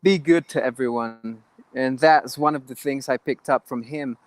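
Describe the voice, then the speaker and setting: A man's voice: mid-range voice, moderate pace, dry recording. A man, an actor guest in an interview, talking earnestly with many restarts and halts. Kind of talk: interview conversation.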